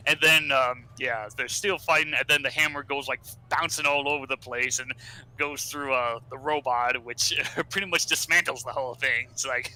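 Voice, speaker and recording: A man casually recapping a comic story on a podcast, rambling and laughing often, with brief squeaky character voices. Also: fairly even intonation, normal speed, pushed and bright, rough recording. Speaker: podcast co-host summarizing a comic.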